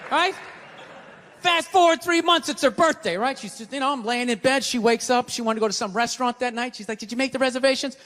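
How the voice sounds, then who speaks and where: High-voiced ranting man comic. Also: fairly quick, pushed and bright, a faint crowd. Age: middle-aged. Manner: profane, ranting, self-mocking. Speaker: stand-up comedian. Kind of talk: stand-up comedy storytelling. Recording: long hall reverb, faint noise.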